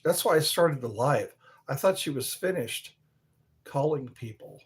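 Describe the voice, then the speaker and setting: A man hosting his own live stream, chatting slowly and aimlessly, greeting viewers by name and trying to recall old movies. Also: mid-range voice, expressive. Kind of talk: rambling live stream chat.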